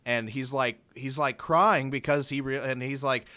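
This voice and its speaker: A man's voice: mid-range voice, fairly even intonation, normal speed, pushed and bright. A young adult man co-hosting a podcast, rambling through a film review and acting out favorite scenes. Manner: rambling, acts out scenes in retelling. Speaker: podcast co-host. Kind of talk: casual film review chat.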